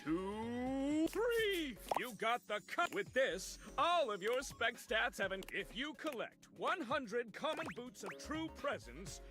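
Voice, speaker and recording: A squeaky-high, wildly swooping prize machine, all game-show hype as he deals out loot in a video game. Game music plays clearly behind him. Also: sing-song, slow, few pauses, full character voice. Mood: hyped. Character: hyper, showy male gacha machine.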